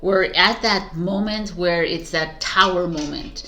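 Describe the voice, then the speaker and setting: Bright-voiced chatty woman, rambling. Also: lowish voice, takes it slowly, slight background noise. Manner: rambling, chatty, lots of fillers and self-talk. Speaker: tarot reader. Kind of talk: casual spiritual chat to camera.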